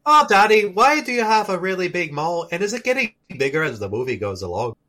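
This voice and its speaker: A man's voice: sits high, very animated, fast talker, pushed and bright, full character voice. A man voicing a poor little kid with a put-on Irish accent, whining cheeky questions at Daddy. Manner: whiny, cheeky, childish questions.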